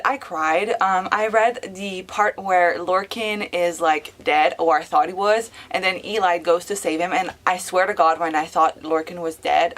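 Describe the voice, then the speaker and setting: A woman chatting casually in a reading vlog, excitable and gushing, filling her talk with "like" and the odd swear word. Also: lowish voice. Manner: excitable, gushing, heavy use of "like" fillers. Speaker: book vlogger.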